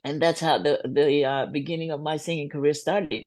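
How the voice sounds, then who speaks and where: Older woman, singer, animated storyteller, acts out her quotes, laughs while talking, dry close sound. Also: sits low, normal speed, dry recording. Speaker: singer and guest. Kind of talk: storytelling in a casual interview.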